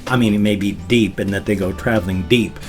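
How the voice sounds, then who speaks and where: A man's voice: on the low side, a little fast, darkish tone, faint music behind. A man in his fifties, vlogging in a rambling, playful way and dropping silly sound effects into his talk. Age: 50s. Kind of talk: casual vlog monologue.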